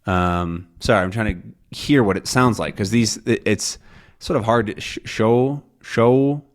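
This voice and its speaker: A man teaching English in a relaxed, casual way, thinking aloud with many ums and pausing to slowly demonstrate vowel sounds. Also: on the low side. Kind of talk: casual explanatory lesson.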